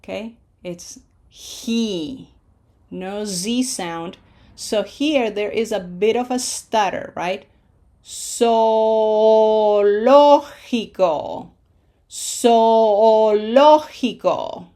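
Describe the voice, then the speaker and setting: A woman teaching pronunciation in a slow lesson, drawing out each syllable and often checking in with "okay?". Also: medium pitch, darkish tone. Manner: drawn-out syllable-by-syllable modeling of words.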